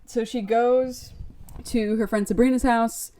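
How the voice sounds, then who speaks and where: A woman's voice: a little high, steady tone, a little slow, mellow. A woman recapping a book in casual podcast chat. She acts out the characters' quotes and peppers her talk with "like". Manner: chatty, lots of "like" and acted-out quotes. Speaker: podcast co-host.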